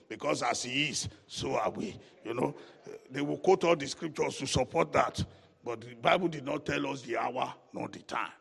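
Gravelly, animated male Bible teacher. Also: fairly high pitch, in a large hall. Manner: animated, lively preaching with rising exclamations and asides.

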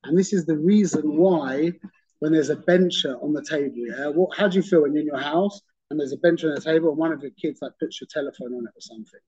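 A man's voice: fairly high pitch, fast talker, dark tone, breathy edge, dull audio. A man teaching a religious class in a conversational way, often checking in with "okay?" and repeating phrases for emphasis. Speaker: Torah teacher.

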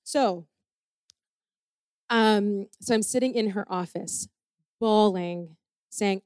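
A woman telling a personal story in an animated, self-deprecating way, acting out the people she quotes. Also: medium pitch, slow pace, pauses often, no room sound, clean studio sound. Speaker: speaker sharing a personal testimony.

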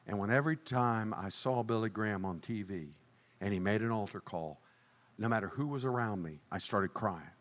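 An older man preaching a sermon as pastor, swinging from low, quiet remarks to high, shouted lines. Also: moderate pace. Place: church sanctuary. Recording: church hall reverb.

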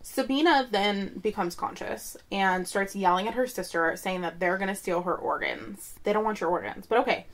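A woman co-hosts a true-crime podcast, telling the story in a loose, blunt way. She jokes and swears as she goes, and her voice sits at an everyday middle pitch. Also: normal speed, hardly any pauses. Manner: blunt and joking, swears freely. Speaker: podcast co-host. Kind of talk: casual true-crime chat.

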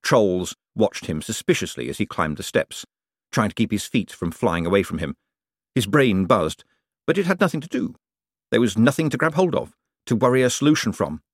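A man reads a comic fantasy audiobook with wry, expressive storytelling. His voice is on the low side but lively in its pitch. The recording is dry and close, with no room sound. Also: moderate pace, dry recording. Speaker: audiobook reader. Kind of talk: audiobook narration.

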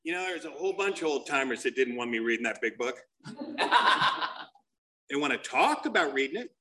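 A man doing a crude, rambling stand-up comedy set, telling stories with animated put-on voices. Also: mid-range voice, moderate pace.

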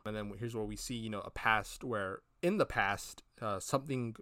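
A man's voice: on the low side, normal speed, bright, forceful tone, no echo, clean studio sound. A man co-hosting a podcast, retelling scenes in a rambling, casual way and acting out the characters' lines. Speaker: podcast co-host. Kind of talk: casual review chat.

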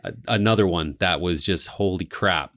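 A man co-hosting a casual podcast chat, telling excited stories about games he loved. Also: low-pitched, moderate pace, no room sound, studio quality. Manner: excitable, gushing storyteller. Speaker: podcast co-host.

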